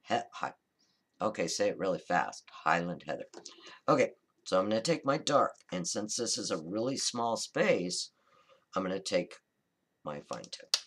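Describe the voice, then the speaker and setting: A man hosting a card-making tutorial, talking through a coloring demonstration in a relaxed, chatty, reassuring way and often correcting himself mid-sentence. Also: sits low, normal speed, pauses often, breathy edge. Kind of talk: casual step-by-step crafting demonstration.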